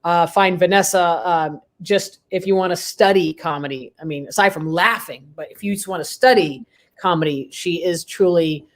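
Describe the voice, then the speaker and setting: A woman comedian co-hosting a podcast, talking in a rambling, halting way with many fillers. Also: on the low side. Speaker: co-host comedian. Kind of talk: casual chat.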